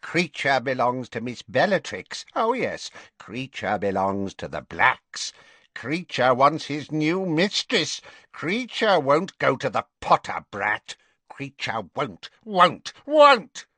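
A man voicing a stubborn, spiteful male house elf with a croaking, shrill voice, repeating one word over and over. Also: huge pitch swings, slow, sharp tone, no room sound, full character voice. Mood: furious refusal. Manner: screams the same word over and over.

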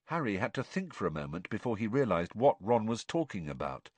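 A man reading an audiobook with expressive storytelling. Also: on the low side, fairly quick, slightly rough, dry recording. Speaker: narrator.

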